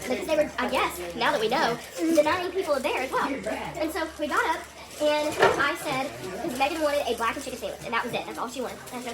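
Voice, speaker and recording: A young woman telling a funny personal story and acting out the people in it with animated quoted voices. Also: sits high, fast talker, very noisy.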